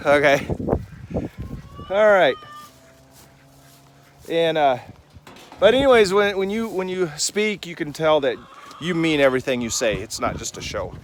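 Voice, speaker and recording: A man's voice: fairly high pitch, animated, unhurried, long pauses, a little hiss or hum. A man giving a casual devotional vlog while doing farm chores outdoors, rambling and talking fondly to his animals. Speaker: Christian vlogger. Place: outdoors on a rainy farm and in a chicken coop. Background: chickens clucking nearby.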